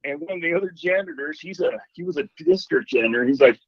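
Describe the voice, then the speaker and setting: A man calling in to a show and telling a ghost story in an animated way, acting out the voices he quotes. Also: a little high, fast talker, gravelly, no echo. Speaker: caller. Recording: dull phone line.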